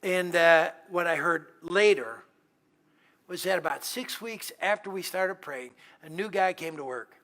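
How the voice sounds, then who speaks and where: A middle-aged male guest pastor preaches in a church. He tells stories in a humorous, chatty way. His voice sits high for a man and rings bright and forceful. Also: a little slow. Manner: humorous, anecdotal, conversational. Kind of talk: storytelling sermon.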